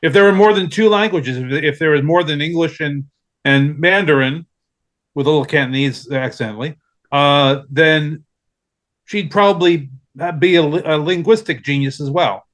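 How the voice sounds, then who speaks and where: A man's voice: on the high side, moderate pace, fairly bright tone. A man on a casual discussion panel, rambling and hesitant with many fillers.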